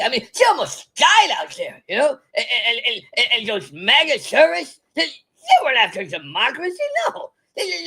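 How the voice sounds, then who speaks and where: Someone doing a drunk old lady politician, stuttering and giggling, bright husky voice. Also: medium pitch, heavily acted. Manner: stammering, many false starts and giggles. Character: rambling tipsy older female politician, stammering. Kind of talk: comedic impression monologue.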